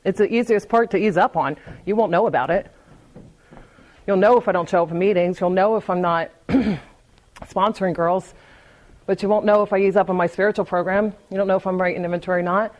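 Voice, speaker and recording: A woman's voice: mid-range voice, steady tone, brisk, rough recording. A woman speaks frankly at a recovery meeting in a loose, conversational way. She restarts her sentences and repeats words as she goes. Light laughs come between her thoughts. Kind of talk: personal recovery talk at a meeting.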